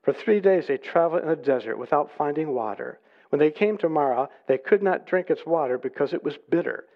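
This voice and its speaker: A man preaching a sermon, reading scripture aloud and rising in pitch and volume to stress his points. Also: animated, brisk. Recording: dull lo-fi recording.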